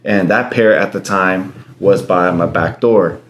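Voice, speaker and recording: A man's voice: deep voice, fairly even intonation, measured pace, echoey room, muffled recording. A young man co-hosting a podcast, telling a story in casual slang and swearing freely. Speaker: podcast co-host. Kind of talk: casual chat.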